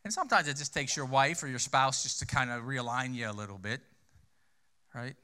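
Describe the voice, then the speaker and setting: Bright-voiced pastor preaching conversationally. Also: male voice, medium pitch, a little fast, clear, resonant tone. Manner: conversational preaching with frequent rhetorical questions; repeats key phrases for emphasis. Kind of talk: sermon.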